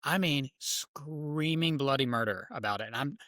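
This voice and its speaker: A man, a father and podcast guest, telling a family story in an animated way and acting out the voices in it. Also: medium pitch, moderate pace, no room sound, studio quality. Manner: lively, acts out voices in his stories.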